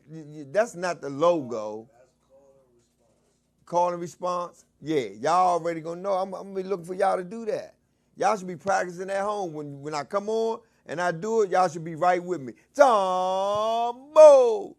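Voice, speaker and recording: A man from Washington DC hosting his own talk show, shouting hype calls at times but mostly chatting in a relaxed, low-key way. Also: moderate pace. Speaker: host. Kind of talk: casual talk show monologue.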